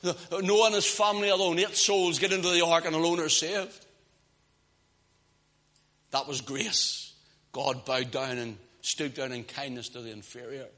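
A man with a high, bright, ringing voice preaches a sermon. He presses hard on key phrases, then drops to hushed asides and slows right down. At times he drifts a little away from the mic. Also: fairly even intonation. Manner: impassioned, swings from loud emphasis to hushed asides.

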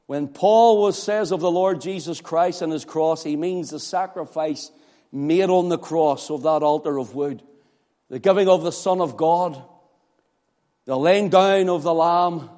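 A man's voice: fairly high pitch, measured pace, darkish tone, big-room sound. A man with a Northern Irish accent preaching a sermon, building to impassioned, emphatic declarations.

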